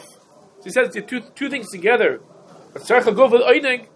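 High-voiced man teaching a shiur. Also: moderate pace, low-quality recording. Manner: rhetorical questions, emphatic repetition, Yiddish-Hebrew terms. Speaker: Torah teacher. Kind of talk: Talmudic shiur lecture.

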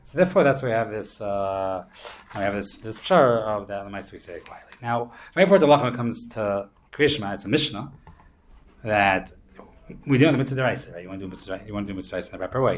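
A man's voice: on the low side, a little hiss or hum. A man teaching an informal Torah class, explaining in a loose, rambling way with many fillers and Hebrew terms.

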